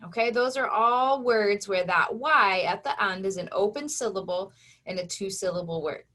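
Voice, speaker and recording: A woman's voice: medium pitch, normal speed, fairly bright tone. A woman phonics teacher giving a patient online lesson to young children, sounding out syllables and letters step by step. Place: home.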